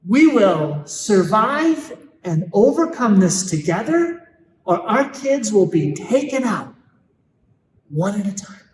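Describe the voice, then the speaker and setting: A man with a fairly high voice gives an earnest live talk to a room of parents, leaning hard on his key points and drawing them out slowly. He sounds a little distant from the mic, and his voice rings in a big echoey hall with a faint murmur of room noise underneath. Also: sing-song. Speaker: Catholic speaker on parenting.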